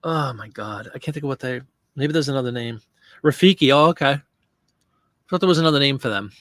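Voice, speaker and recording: A man's voice: mid-range voice, fast talker, a bit bright. A man hosting a live listing stream, chatting casually and answering viewer comments while he works. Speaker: live stream host listing items for sale.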